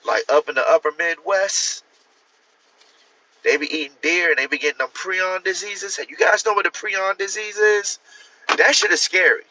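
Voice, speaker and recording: Brash, bright-voiced man on a phone livestream. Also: sits high, fairly even intonation, normal speed, lo-fi sound, slight background noise. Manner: profane, rambling, talks straight to viewers; answers viewer comments. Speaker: author hosting a livestream. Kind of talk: casual livestream chat.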